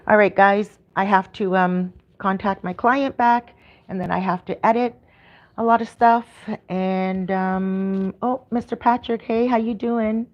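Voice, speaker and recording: A woman's voice: mid-range voice, fairly even intonation, a little slow, muffled recording. A woman with a Canadian accent chatting casually on her livestream, upbeat and rambling with lots of ums and restarts. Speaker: YouTuber hosting a livestream.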